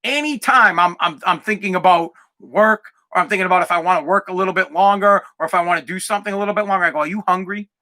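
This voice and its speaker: Man, 40s, solo podcast host; high, piercing voice, emphatic and foul-mouthed. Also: quick pace, hardly any pauses, bright, forceful tone. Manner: emphatic, profane and fired-up.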